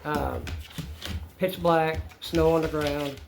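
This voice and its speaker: A man with a Maine accent telling a story in casual chat, loud and excitable, swearing freely. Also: fairly high pitch, takes it slowly, vocal fry, slight background noise. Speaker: witness telling his story.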